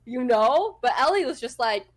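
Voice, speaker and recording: A young woman co-hosting a podcast in casual chat, animated and swearing freely. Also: sits high, moderate pace. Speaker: podcast co-host.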